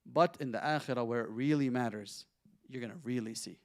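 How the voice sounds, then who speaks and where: A sheikh teaching an interactive Quran lesson in a conversational way, asking his listeners questions and reciting Arabic verses quickly. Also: mid-range voice, no room sound, studio quality.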